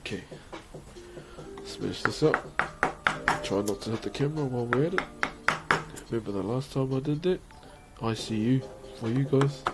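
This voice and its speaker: A man's voice: medium pitch, normal speed, long pauses, loud music behind the voice. A young man with a New Zealand accent chatting casually while streaming, joking, swearing and laughing often as he carves wood. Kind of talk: casual live-stream chat.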